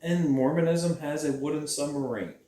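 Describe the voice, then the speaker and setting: A man's voice: fairly high pitch, normal speed, mellow, echoey room, distant mic. A man chatting casually with his girlfriend, rambling and swearing, breaking into mocking impressions. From Scottish heritage. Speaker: channel host. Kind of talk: casual chat.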